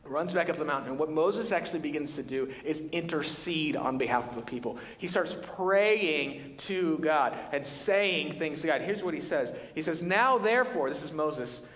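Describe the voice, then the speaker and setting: A man preaching a sermon as pastor, telling the story in a lively, casual way and acting out the voices of the people in it. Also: on the high side, moderate pace, hardly any pauses. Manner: animated storytelling, voicing Moses and God in casual paraphrase. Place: large church hall. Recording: church hall reverb.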